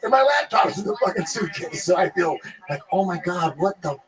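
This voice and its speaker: A man telling a rambling, profane anecdote in casual chat, animated and swearing freely. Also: sits high, brisk, over music, low-quality recording. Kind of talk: casual storytelling.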